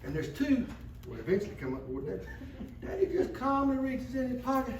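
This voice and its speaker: A man's voice: very high voice, very animated, fast, a little hiss or hum. A man telling a story live in a folksy, emphatic way. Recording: echoey room, distant mic, loud audience.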